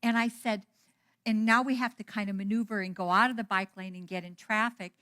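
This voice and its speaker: Bright-voiced woman minister telling stories. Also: medium pitch, brisk. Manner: animated, acts out quoted dialogue. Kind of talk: storytelling sermon. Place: church hall.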